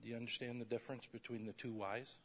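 A man preaching a sermon, asking his listeners questions and acting out quoted prayers, loud at times. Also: medium pitch, level tone, fast talker.

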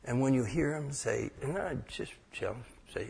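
A man's voice: mid-range voice, expressive, normal speed, gravelly, a little mellow, slightly rough. A man preaching an informal sermon as pastor, folksy and joking, acting out short prayers. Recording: echoey hall with long reverb.

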